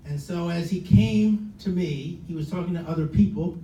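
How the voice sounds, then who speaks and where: An older man, son of the guest of honor, casually tells a gathering an anecdote and acts out the quotes with lively voices. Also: on the high side, normal speed. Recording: roomy hall, distant mic, background noise.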